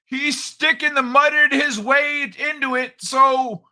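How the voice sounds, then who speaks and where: A man voicing a loud, cranky old man character on a live stream, grumbling and complaining. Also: extremely high pitch, level tone, takes it slowly, voice pushed up, full character voice. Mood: boastful.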